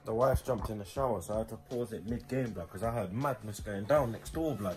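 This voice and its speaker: A young man giving slangy, excitable running commentary on a football video game. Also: fairly low pitch, a little fast, hardly any pauses, over music. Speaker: gaming YouTuber. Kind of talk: casual gaming commentary.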